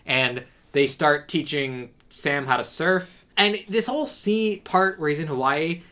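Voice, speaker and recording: A man's voice: on the high side, expressive, measured pace, sharp tone. A man co-hosting a podcast, wryly retelling a movie plot in casual chat. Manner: wry, retells scenes with quoted lines. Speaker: podcast co-host.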